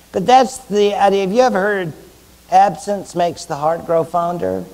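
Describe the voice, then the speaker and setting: A man's voice: high-pitched, a little mellow. A man with a Southern US accent giving a university history lecture, chatty and wry, asking the class rhetorical questions.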